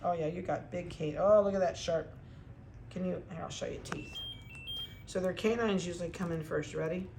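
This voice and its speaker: A woman's voice: fairly low pitch, steady tone, brisk, vocal fry, reverberant, noisy background. A woman dog breeder talking casually through a video update, chatty and cooing to the puppies.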